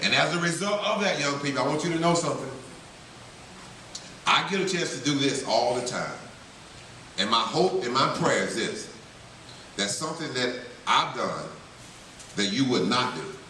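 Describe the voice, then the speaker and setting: A man's voice: medium pitch, expressive, moderate pace, pauses often, bright, forceful tone. A man from North Carolina giving an earnest, story-driven testimony at a banquet, acting out the voices of people in his story. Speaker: banquet speaker. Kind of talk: testimony speech. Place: banquet hall. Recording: echoey hall, speaker far from mic, faint hiss.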